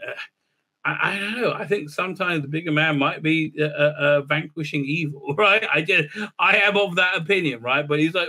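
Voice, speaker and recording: A man's voice: fairly high pitch, normal speed, bright, forceful tone. A man reviewing a TV episode in a casual, rambling recap, mocking and sarcastic about what he watched. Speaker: show reviewer.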